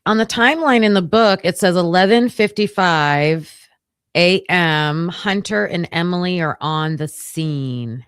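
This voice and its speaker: A woman's voice: fairly low pitch, unhurried, smooth, no room sound, clean studio sound. A woman hosting a casual true-crime livestream, reading case documents aloud and thinking aloud as she skims pages, with hesitant restarts.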